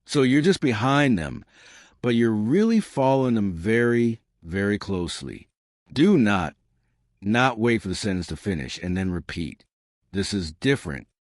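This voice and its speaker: Guy teaching a lesson, lowish voice, really animated, keeps asking "right?", dry close sound. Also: normal speed, dry recording. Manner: encouraging, repeats "right?" to check in. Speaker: English teacher.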